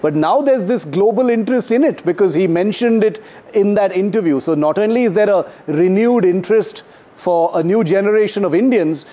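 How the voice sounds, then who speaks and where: A man hosting a talk-show interview, speaking in a measured way with frequent fillers. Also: sits high, warm tone. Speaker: host.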